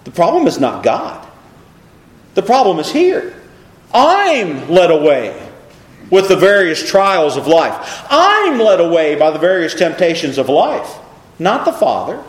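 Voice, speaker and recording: A man's voice: fairly high pitch, measured pace, roomy sound. A man preaching a sermon, reading scripture and asking his listeners rhetorical questions. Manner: animated, asks the congregation rhetorical questions.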